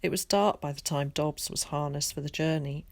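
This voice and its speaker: A woman teacher reading a children's novel aloud, clear and expressive. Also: low voice, normal speed, no echo.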